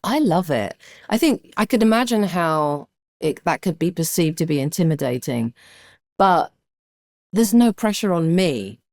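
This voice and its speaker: Animated woman telling stories. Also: on the low side, unhurried, no echo, studio quality. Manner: animated storyteller, acts out voices. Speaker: guest actor. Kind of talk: casual chat.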